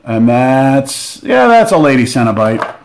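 Excitable man unboxing a board game. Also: mid-range voice, a little slow, creaky, a little hiss or hum. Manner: excitable, joking asides. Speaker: board game channel host. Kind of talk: casual unboxing commentary.

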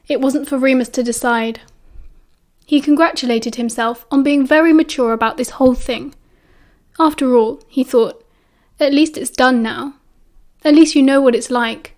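British woman audiobook reader, high voice, even storytelling delivery. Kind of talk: audiobook narration.

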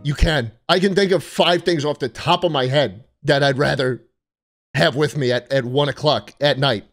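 A man streaming, reacting to clips with loud, incredulous, swearing commentary. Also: a little high, moderate pace, faint music behind.

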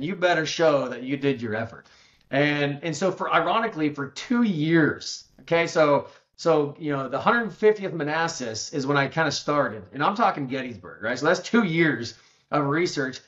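A man as a podcast guest, telling a long story in a casual, rambling way with many restarts, and getting lively when he quotes other people. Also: fairly high pitch, normal speed, dull audio.

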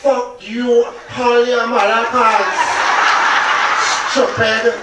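A man voicing a foul-mouthed, sassy Trinidadian woman, cussing in a shrill sing-song with a Trinidadian accent, live on stage. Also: little pitch movement, very slow, far from the mic, heavy background noise. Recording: echoey live room, loud crowd.

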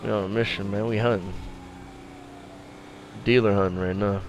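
A man's voice: on the low side, fairly even intonation, normal speed, a little hiss or hum. A man giving casual, slangy, laid-back commentary while playing a video game. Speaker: gameplay commentator.

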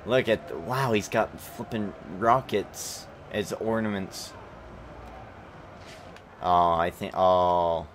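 A young man casually commenting while playing a video game, chatty, excitable and self-mocking. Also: deep voice, takes it slowly, long pauses, slight background noise. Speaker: gaming commentator. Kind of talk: casual let's-play commentary.

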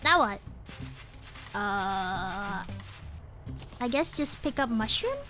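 A woman's voice: medium pitch, lively intonation, drawn-out words, sharp tone, faint music behind. A young woman streaming a game live, giggly and playful, with lots of slang, laughing often at what happens on screen.

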